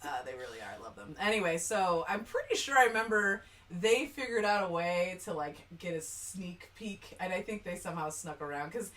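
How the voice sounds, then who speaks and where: A woman co-hosting a podcast, telling stories in a lively, laughing, casual way. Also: fairly low pitch, moderate pace, few pauses. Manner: animated storyteller, often laughing. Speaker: podcast co-host. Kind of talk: casual chat. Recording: distant mic.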